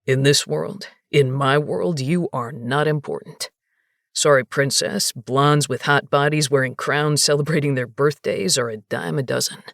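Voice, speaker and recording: A hulking nightclub bouncer, as a woman puts him on, his voice dropped low and flat. He answers in curt, deadpan words and doesn't budge. The sound is dry and close. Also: unhurried, gravelly, no echo. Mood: dismissive. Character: big deadpan male nightclub bouncer, blunt and dismissive.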